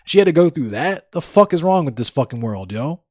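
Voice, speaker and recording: A man's voice: fairly high pitch, sing-song, a little fast, a little mellow, dry recording, clean studio sound. A young man livestreaming, chatting casually with viewers in a blunt, profane, ranting way. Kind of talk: casual chat with live viewers.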